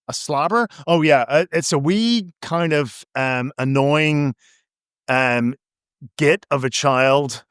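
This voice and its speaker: Guy telling stories on a podcast, kinda high voice, smooth and clear, does silly voices. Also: slow pace, fairly bright tone, no echo, studio quality. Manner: rambling, playful, acts out little scenes in silly voices. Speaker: author guest. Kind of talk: casual interview chat.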